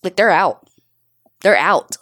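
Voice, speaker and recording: Low-voiced woman telling a true crime case. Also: expressive, slow pace, a bit bright. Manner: blunt, swears while telling the case. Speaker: podcast co-host.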